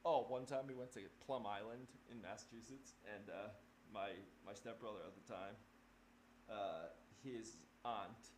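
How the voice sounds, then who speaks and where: A man's voice: lowish voice, a little slow, a little mellow. A man in his thirties from New Hampshire, a drummer telling a rambling, laughing story with plenty of swearing in a casual livestream chat. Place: home drum room. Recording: roomy echo with faint noise.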